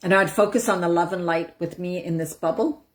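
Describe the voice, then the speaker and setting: Woman, live-stream empowerment coach; lowish, soothing voice, breathy whoosh releases. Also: brisk. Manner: soothing, demonstrates breathing out with loud whooshing sighs. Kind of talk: casual live-stream teaching.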